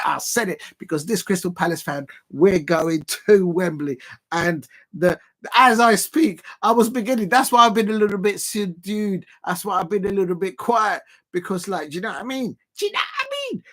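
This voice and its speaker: A high-voiced, excitable South Londoner rants through a casual football watch-along on his livestream. He repeats phrases constantly and rambles with plenty of fillers.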